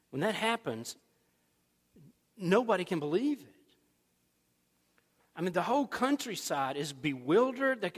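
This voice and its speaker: A man preaching a sermon, retelling a story in a conversational, folksy, animated way. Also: sits high. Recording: long reverb in a large hall.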